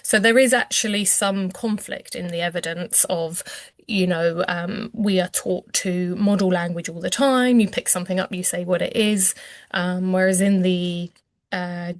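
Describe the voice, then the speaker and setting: A woman's voice: on the low side, fairly even intonation, a little slow, dry recording. A woman, a clinician explaining language development as an interview guest, hesitant with many ums and restarts. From England.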